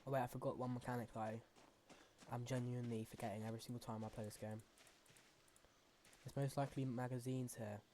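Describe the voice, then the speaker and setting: A man's voice: medium pitch, little pitch movement, quick pace, long pauses, mellow, a little hiss or hum. Man chatting casually through gameplay. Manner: rambling self-talk with fillers and restarts. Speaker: gaming channel host.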